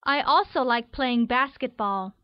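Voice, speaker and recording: A man voicing a young woman in a simple textbook dialogue, speaking in short, slow lines. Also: extremely high pitch, clear, resonant tone, no room sound, lo-fi sound, voice pushed up. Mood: cheerful.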